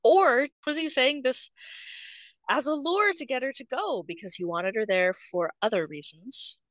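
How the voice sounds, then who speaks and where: A thoughtful woman in a relaxed podcast chat who poses questions and turns ideas over. Her intonation swings widely, and the recording is dry and close. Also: high-pitched, a little slow, no room sound.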